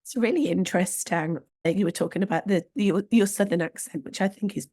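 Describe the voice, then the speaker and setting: A woman's voice: mid-range voice, a little fast, warm tone. A British woman hosting a podcast, talking candidly and with a self-deprecating, chatty manner. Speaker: podcast host. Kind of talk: conversational podcast chat.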